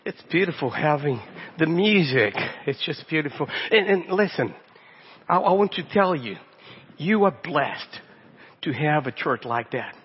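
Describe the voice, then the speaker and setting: A middle-aged man from Brazil with a Brazilian Portuguese accent, a native Portuguese speaker, preaching a sermon as a guest pastor. He talks warmly and haltingly, often repeating the first word of a phrase. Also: a little high, expressive, a little hiss or hum. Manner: warm, halting, repeats words at starts. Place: church sanctuary. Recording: dull audio in a long-reverb church hall.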